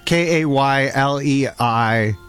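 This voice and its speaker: A man, a radio co-host tossing in dry, quick quips during casual studio banter. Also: medium pitch, a bit bright, clean tone, soft background music.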